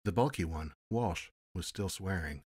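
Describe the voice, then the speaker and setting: A man narrating an audiobook in a measured, steady storytelling manner. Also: low-pitched, slightly rough, no echo, clean studio sound. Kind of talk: audiobook reading.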